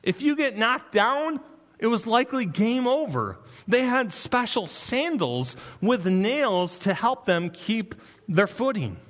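A man preaching an expository sermon, earnest and emphatic, with dramatic pauses. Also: extremely high pitch, big pitch swings, a bit bright, big-room sound. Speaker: pastor.

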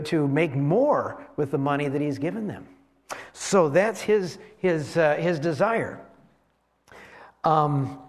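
Conversational male preacher, rhetorical questions. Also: fairly high pitch. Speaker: pastor. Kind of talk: sermon.

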